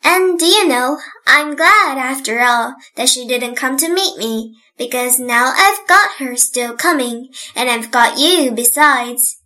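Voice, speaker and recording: Woman voicing a little orphan girl, earnest and cheerful, high bright voice, unhurried audiobook reading. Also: lively intonation, heavily acted. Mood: eager. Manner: eager, chatty, wide-eyed.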